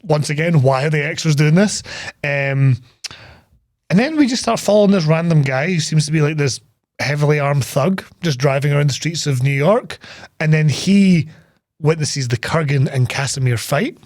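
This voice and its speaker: A man recaps a film on a casual podcast, swearing freely and acting out the scenes. His voice sits fairly high for a man. The sound is dry and close, with no room around it. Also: moderate pace, dry recording. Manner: animated, swears freely, acts out film lines. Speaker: podcast co-host. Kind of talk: casual film-review chat.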